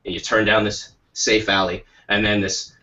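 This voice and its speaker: A man's voice: fairly low pitch, little pitch movement, moderate pace, bright, forceful tone. A man co-hosting a podcast, telling a rambling, jokey story with many restarts. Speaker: podcast co-host. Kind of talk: playful storytelling chat. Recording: muffled lo-fi stream audio.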